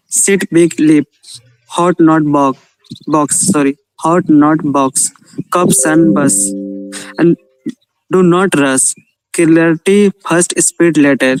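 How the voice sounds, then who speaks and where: Smooth-voiced learner reading aloud haltingly. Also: male voice, on the high side, steady tone, rough recording. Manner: reads haltingly, with non-native grammar. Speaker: student in an online class. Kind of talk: reading aloud and casual chat.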